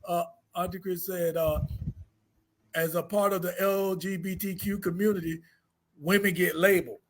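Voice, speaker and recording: Husky high-voiced man, blunt and profane. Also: fairly even intonation, normal speed. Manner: blunt, profane, laughs often. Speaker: comedian and co-host. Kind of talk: casual podcast chat.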